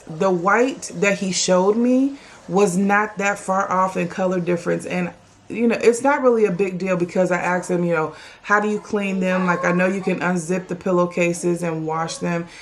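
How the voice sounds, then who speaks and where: A woman talks straight to a camera at home in a loose, chatty vlog style, drifting from point to point with plenty of fillers. Her voice sits on the lower side and breaks into a gravelly fry at the ends of phrases. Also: slight background noise. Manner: chatty, rambling, many "like" and "you know" fillers. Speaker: home furniture vlogger. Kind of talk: casual vlog talk to camera.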